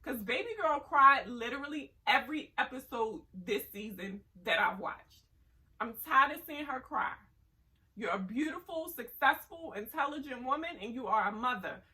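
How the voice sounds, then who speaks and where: A woman's voice: sits high, lively intonation, moderate pace, pushed and bright, far from the mic, low-quality recording. A woman giving a blunt, sassy casual review commentary on a reality show.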